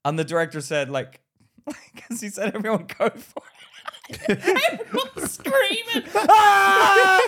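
A man's voice: sits high, unhurried, a little hiss or hum. A man co-hosting a casual podcast, telling stories with lots of laughter and acted-out quotes. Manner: animated, acts out quotes, laughs a lot. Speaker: podcast co-host. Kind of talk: casual chat, storytelling.

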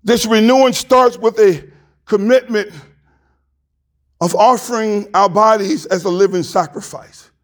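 A male pastor preaching a sermon, emphatic and repetitive, building to shouted climaxes. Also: high-pitched, measured pace, pauses often.

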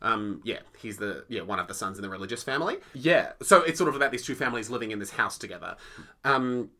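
A man's voice: fairly low pitch, lively intonation, fast, pushed and bright. A young man, chatting on a podcast, rambling and gushing with lots of "like". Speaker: podcast co-host. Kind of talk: casual chat, theatre review.

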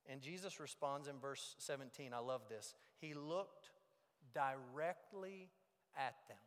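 Fervent man preaching in a hall. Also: unhurried. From United States. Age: young adult or middle-aged. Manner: dramatic, swings from loud emphasis to hushed low lines. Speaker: pastor. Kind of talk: sermon. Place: church sanctuary. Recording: long reverb of a large hall.

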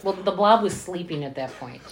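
A woman's voice: fairly low pitch, lively intonation, brisk. Woman trading dry quips on a podcast. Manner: dry quips and short agreements. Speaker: podcast co-host. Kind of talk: casual movie recap chat.

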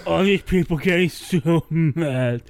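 A man voicing a gross, gloating male internet troll in a slow, loud, smug drawl during casual chat. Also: fairly high pitch, clear, resonant tone.

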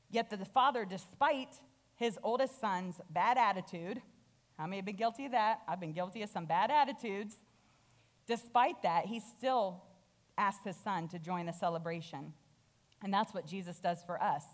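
A woman's voice: medium pitch, normal speed. Woman guest preacher, mid-range voice, storyteller who acts out the dialogue. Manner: animated storytelling, acting out characters' lines. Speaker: guest speaker. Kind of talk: sermon.

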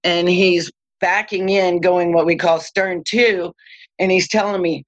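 An older woman telling a personal story as an interview guest, acting out the dialogue with lively jumps in her voice. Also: a little slow, lo-fi sound. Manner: animated, acts out quoted dialogue with sudden pitch jumps and laughs. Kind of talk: casual anecdotal storytelling.

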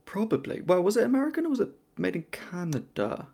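A man's voice: high-pitched, big pitch swings, fast, creaky, dark tone, breathy edge. A man from England co-hosting a casual chat, talking in a wry, chatty way and laughing often. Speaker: podcast co-host.

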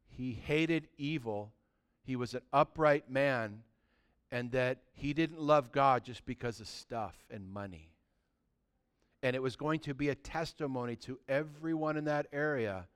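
High, smooth-voiced male preacher. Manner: impassioned preaching, swings from loud exhortation to hushed, drawn-out emphasis. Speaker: pastor. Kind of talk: sermon.

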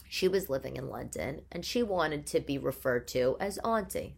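A woman hosting her podcast, chatting in a chatty, animated monologue from her living room. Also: deep voice. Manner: chatty and animated, with rhetorical questions. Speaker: podcast host. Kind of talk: casual monologue.

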